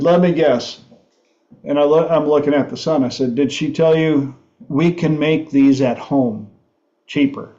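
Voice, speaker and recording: A man hosting a talk show, telling a story slowly and haltingly, laughing often. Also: fairly high pitch, mellow, reverberant, highs cut off. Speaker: host.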